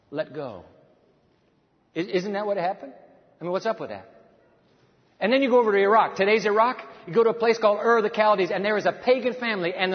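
Male preacher, high pitch, emphatic and rhetorical; muffled sound with a long church reverb. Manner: emphatic, rhetorical questions to the congregation. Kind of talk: sermon. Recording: dull sound in a reverberant hall.

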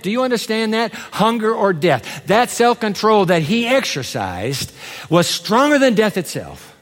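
A man's voice: high voice, big-room sound. A man preaching a sermon with emphasis, having the congregation repeat lines after him. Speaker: pastor.

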